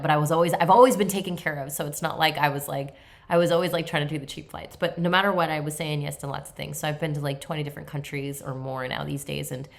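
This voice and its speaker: A woman in her thirties with a low voice tells a story on her podcast. Her talk is loose and chatty, full of filler words and self-mocking laughs. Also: gravelly. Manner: chatty, heavy on fillers like "like" and "you know", laughs at herself. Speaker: podcast host. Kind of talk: casual storytelling monologue.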